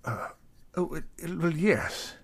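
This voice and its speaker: A man's voice: mid-range voice, sing-song, unhurried, creaky. A man playing his character in a tabletop game, hesitant and fussily polite, stammering often. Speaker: player.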